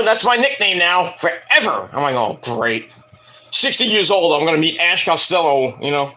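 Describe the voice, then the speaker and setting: Hosting a wrestling review show, a man delivers a casual, rambling monologue, a self-deprecating story peppered with swearing and acted-out quotes. His pitch is fairly high and his tone sharp, very animated at a moderate pace.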